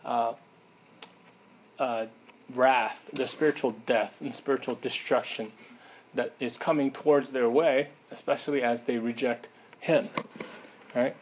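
A man's voice: mid-range voice, fairly even intonation, a little slow, long pauses, a little hiss or hum. A man preaching a casual sermon in a conversational way, with many fillers and frequent tag questions.

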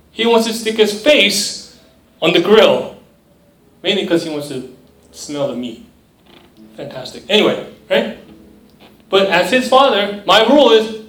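A young youth pastor gives a conversational sermon to a youth group, frequently checking in with "right?" and briefly imitating other voices. His voice is high-pitched and fairly bright, picked up by a distant mic in an echoey room.

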